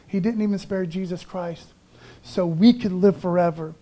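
A man's voice: high-pitched, normal speed, mellow. A pastor preaching an Easter sermon, fervent and emphatic, calling out to his congregation and mixing in casual asides. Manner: conversational, peppers speech with "man".

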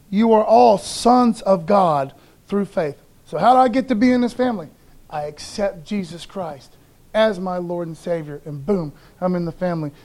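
A man with a notably high voice delivers a sermon from the pulpit. His preaching is casual and enthusiastic, full of slangy asides and quick rhetorical questions. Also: darkish tone. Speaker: pastor.

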